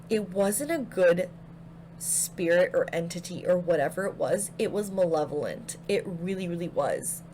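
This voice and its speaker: A woman's voice: mid-range voice, slight background noise. A young woman casually recounting her haunted house experiences to camera, chatty and full of fillers. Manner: chatty, filler-heavy, animated retelling. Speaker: paranormal storyteller.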